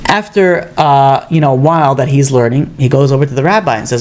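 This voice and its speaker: A man's voice: medium pitch, fairly quick, few pauses, a little mellow. A man, a rabbi, giving an informal lesson on the Mishnah, speaking conversationally and retelling stories with acted dialogue, often restarting his sentences. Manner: loose phrasing with frequent restarts.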